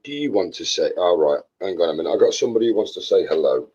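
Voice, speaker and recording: A man co-hosting a hobby livestream in casual chat, laughing often and talking softly to a dog. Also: low voice, animated, fast, husky. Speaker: co-host of a modelling livestream. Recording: dull lo-fi stream audio.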